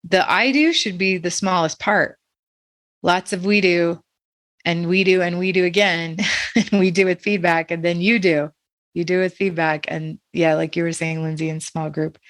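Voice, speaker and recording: A woman with a lower voice talks through teaching ideas on a podcast, posing questions and laughing lightly now and then. Her voice is close and dry, with no room sound. She sounds like a literacy educator thinking out loud. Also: fairly even intonation, moderate pace, no echo. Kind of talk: casual podcast discussion.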